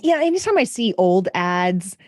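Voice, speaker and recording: A woman's voice: mid-range voice, sing-song, normal speed, a little mellow, dry recording, studio quality. A woman podcast host asking curious questions in casual interview chat, often adding short affirmations.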